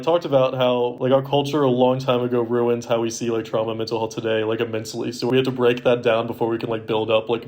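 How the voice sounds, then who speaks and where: A man's voice: mid-range voice, darkish tone. Young man rambling with lots of "like". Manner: rambling, heavy use of "like" fillers. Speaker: podcast co-host. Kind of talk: casual chat.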